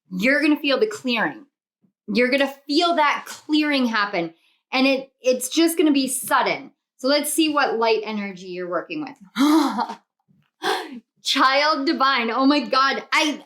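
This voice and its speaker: A young woman doing a pick-a-card tarot reading, gushing and exclamatory as she speaks to her viewers. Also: high voice. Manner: gushing, excitable, spiritual, exclamatory. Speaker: tarot reader.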